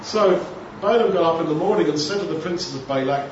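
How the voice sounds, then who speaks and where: A male preacher walks through a scripture passage in a conversational way, full of rhetorical questions and quick acted-out scenes. His voice sits a little high and comes from a distance. The recording is dull and noisy, with a big echoing room. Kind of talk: expository sermon.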